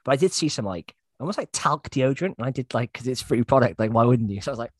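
A man co-hosting a podcast in casual chat, relaxed and jokey. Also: mid-range voice, fast, husky, no room sound. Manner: laid-back, jokey, rambling. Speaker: podcast co-host. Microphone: remote call mic.

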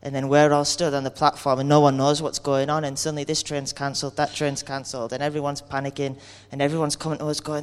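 A man's voice: fairly high pitch, flat delivery, fast, smooth. A man giving an earnest, conversational sermon, speaking candidly and acting out everyday complaints. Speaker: preacher. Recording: long hall reverb.

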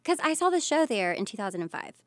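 A woman's voice: a little high, sing-song, fast, fairly bright tone, no echo, studio quality. A woman in her thirties from Florida with a Southern American accent, a guest actress chatting in an interview in a bubbly, earnest way and laughing often. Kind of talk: casual interview chat.

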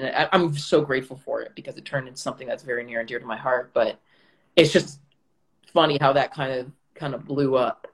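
Poor audio captures this young Canadian actor's mid-range voice. As a guest on a casual video call, he reflects out loud, with many fillers and restarts.

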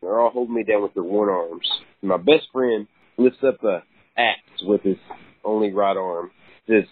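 A man's voice: lowish voice, normal speed, slightly rough, no echo. A man caller earnestly telling a strange dream in a voicemail message. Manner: earnest, puzzled storytelling. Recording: tinny phone line.

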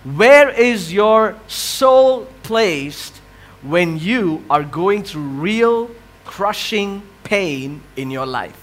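A man preaching a sermon as a pastor, questioning the congregation and swinging between loud impassioned cries and hushed, quiet lines. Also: animated, drawn-out words. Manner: swells loud and high on impassioned cries, drops to quiet near-whispers.

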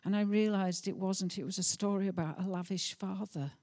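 A woman's voice: medium pitch, fairly even intonation, brisk, a little mellow. A middle-aged woman telling a heartfelt testimony story during a sermon, with some hesitations. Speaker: pastor's wife.

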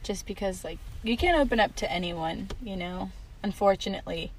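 A young woman in a casual group chat, telling stories lively and acting out what people said. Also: mid-range voice, moderate pace, over a noisy crowd, poor audio. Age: young adult. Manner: animated storyteller, acts out quotes.

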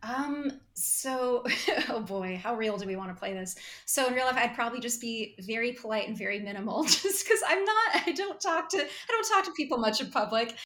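An American actress appears as a guest on a casual podcast interview, speaking at a normal pace with a fairly high, fairly bright voice. She's enthusiastic, laughs often, and uses lots of fillers.

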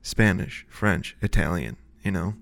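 A man's voice: low-pitched, animated, a little slow, gravelly, a little hiss or hum. A man from Chicago, a podcast co-host, musing in casual chat with wordy asides.

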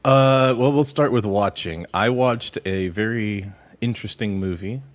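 Deep-voiced laid-back podcast co-host. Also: male voice, unhurried. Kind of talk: casual podcast chat.

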